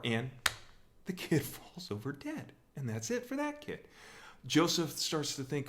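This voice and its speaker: A man from the USA giving a humorous talk on scripture at a church, telling the story in a wry, animated way. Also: fairly high pitch, measured pace, slight background noise. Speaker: church speaker.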